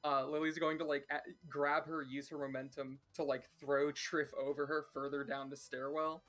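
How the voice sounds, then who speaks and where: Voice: medium pitch, level tone, normal speed, a bit bright, faint music behind. Jogador descontraído de RPG de mesa. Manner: casual, laughing, hesitant. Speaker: player. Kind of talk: casual tabletop play.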